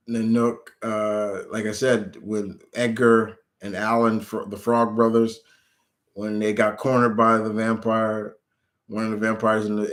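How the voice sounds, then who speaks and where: Rambling man chatting on a stream. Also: lowish voice. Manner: rambling, with frequent restarts. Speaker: channel host answering viewer questions. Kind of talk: casual live-stream chat.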